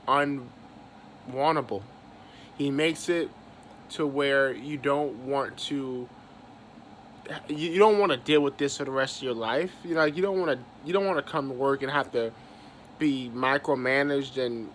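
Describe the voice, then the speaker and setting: A man's voice: on the high side, fairly bright tone, slight background noise. A young man, venting about his job in a heated, profane rant and repeating himself as he talks. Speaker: vlogger venting about work. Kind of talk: angry casual rant.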